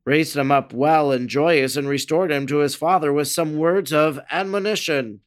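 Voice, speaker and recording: A man reading a religious narrative aloud in a measured, earnest way, lifting his voice for the quoted speech. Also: a little high. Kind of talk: scripted narration of a religious text.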